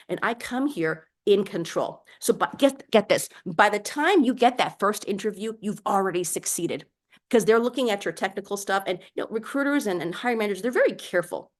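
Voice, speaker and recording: Energetic female career coach, emphatic delivery, middle-pitched voice. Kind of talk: coaching talk to camera.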